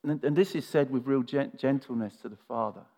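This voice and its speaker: A man preaching a sermon, retelling a scripture story with expressive, earnest delivery. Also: medium pitch, fairly quick, vocal fry. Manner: expressive storytelling, shifting from animated to soft and earnest.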